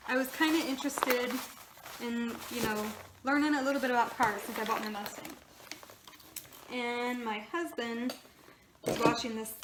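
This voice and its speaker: A woman sewing vlogger chatting casually while she sews in her home sewing room, rambling and poking fun at herself. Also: on the high side. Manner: rambling, chatty, self-deprecating. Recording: echoey room with background noise.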